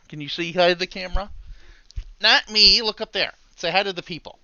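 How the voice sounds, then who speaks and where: A man hosting a casual livestream from his computer on a headset mic, chatty and easygoing with frequent soft laughs. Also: high voice, a little fast, clean tone, no room sound, dull audio. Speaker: streamer. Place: home room at his computer. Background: faint background music.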